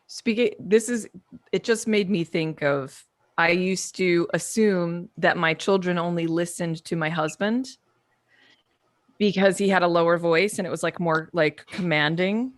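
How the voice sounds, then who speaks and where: A woman's voice: on the low side, a little slow. A woman hosting a podcast, chatting candidly and acting out lines from her own life. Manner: candid, expressive, acts out quotes. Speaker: podcast host. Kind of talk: casual chat.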